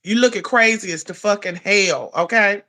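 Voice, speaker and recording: A woman's voice: mid-range voice, moderate pace, bright, forceful tone. A woman giving a heated, profane commentary rant, blunt and scolding. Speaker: commentary vlogger.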